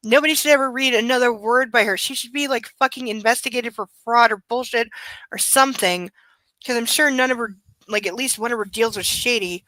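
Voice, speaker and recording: Bright-voiced woman, profane and ranting. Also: on the high side, brisk, no echo. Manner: profane, swears constantly, rants; peppers speech with "like" and "literally". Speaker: book club streamer reading a novel aloud. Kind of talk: reading aloud with profane ranting commentary.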